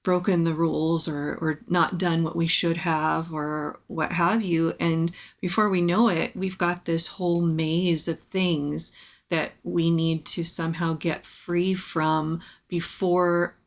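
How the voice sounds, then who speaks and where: A woman's voice: fairly low pitch, level tone, slow pace. A woman co-hosting a faith podcast, speaking earnestly and reflectively and asking her co-host questions. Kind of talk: candid faith conversation.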